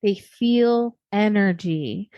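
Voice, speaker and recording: A woman hosting a podcast interview, speaking softly and affirming her guest often. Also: medium pitch, no room sound, highs cut off. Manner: soft-spoken, affirming, quick to agree. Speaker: podcast host. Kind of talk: casual interview conversation.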